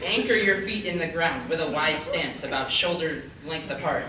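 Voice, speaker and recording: A man's voice: fairly high pitch, normal speed, crowd noise. A young man hosting a comedy panel at a convention, talking in a mock-serious, conspiratorial way with lots of fillers, heard through a room microphone. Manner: deadpan mock-conspiratorial, chatty with many fillers. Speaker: panel host. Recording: very echoey hall from far off, noisy.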